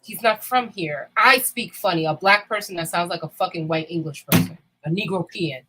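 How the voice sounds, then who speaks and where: A woman's voice: on the low side, brisk, a bit bright, a little hiss or hum, low-quality recording. A woman in candid casual chat, talking bluntly and emphatically with frequent swearing. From United States.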